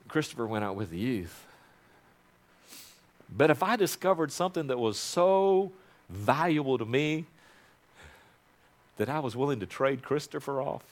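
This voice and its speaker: This pastor, medium in pitch with big swings, speaks a little slowly and pauses often. His sermon shifts from loud, fervent prayer to quiet, intimate asides, and he has the congregation repeat phrases after him.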